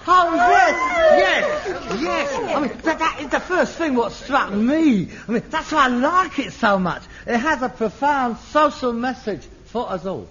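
A man with a high, lively voice who bickers and snaps in exasperation. The sound is dull and lo-fi, like an old television recording. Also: measured pace, hardly any pauses, a crowd in the background. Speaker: amateur actor in a sitcom scene. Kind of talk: sitcom acting.

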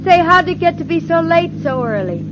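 An actress voicing a lively, teasing young wife in an old radio drama. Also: female voice, very high-pitched, normal speed, music in the background. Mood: playful. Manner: bright, teasing and eager. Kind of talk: 1940s radio acting. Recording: muffled old radio transcription.

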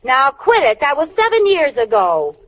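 Brief: sharp-tongued radio-sitcom wife, high and bouncy; vintage lo-fi hiss. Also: female voice, wildly swooping pitch. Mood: teasing. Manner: teasing, quick comebacks. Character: wisecracking wife, woman in her thirties. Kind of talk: 1940s radio comedy acting. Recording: dull, hissy old radio broadcast.

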